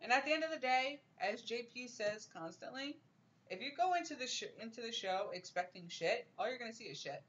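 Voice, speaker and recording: A young woman hosting a casual wrestling chat, animated, ranting and laughing often. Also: a little high, fairly quick, a little hiss or hum. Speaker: podcast host. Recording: dull lo-fi stream audio.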